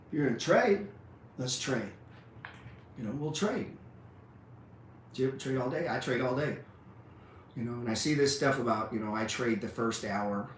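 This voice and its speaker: Heard from a distance in a reverberant room, a man with a mid-range voice teaches trading through a crude, no-nonsense pep talk full of "man" and "dude." A faint hiss or hum sits under the recording.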